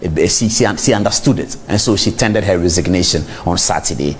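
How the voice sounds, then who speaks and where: A middle-aged man with a Ghanaian English accent hosts a TV talk show, giving animated on-air commentary straight to his viewers. His voice sits low, he speaks fairly quickly, and there's slight background noise.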